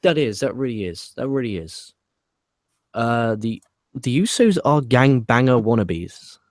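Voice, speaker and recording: A man's voice: medium pitch, very animated, a little slow, no room sound, clean studio sound. A man with a British accent co-hosting a casual wrestling podcast, reading out viewer comments with wry, dismissive asides. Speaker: podcast co-host.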